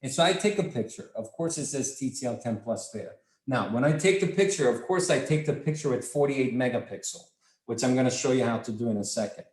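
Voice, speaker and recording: A man leading a sales training session, talking in an excitable, repetitive, salesy way. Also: medium pitch, quick pace. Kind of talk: enthusiastic product training talk. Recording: echoey room.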